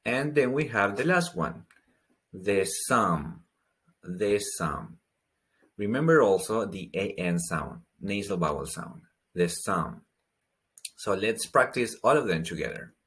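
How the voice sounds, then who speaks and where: Man, language teacher, low voice, very slow, patient, repeats words. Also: sing-song, fairly bright tone. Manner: slow, patient, repeats each word twice. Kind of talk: slow pronunciation lesson.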